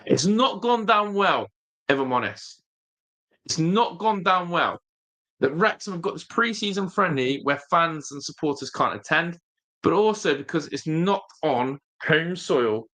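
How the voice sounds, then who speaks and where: Addressing viewers head-on in a casual football fan stream, the host stresses his points and keeps repeating phrases. He sounds slightly high-pitched, expressive and sharp, and he takes his time.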